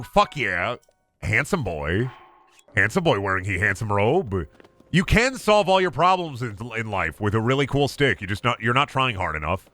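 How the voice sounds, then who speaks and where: Bright lively male game streamer. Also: mid-range voice. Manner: lively, swearing, jokey, shouts in bursts. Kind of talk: gameplay commentary.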